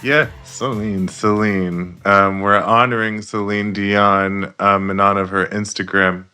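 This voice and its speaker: A man co-hosting a podcast, speaking in a slow, measured, thoughtful way in casual chat. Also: lowish voice, little pitch movement, sharp tone, clear, resonant tone, soft background music. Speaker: podcast co-host.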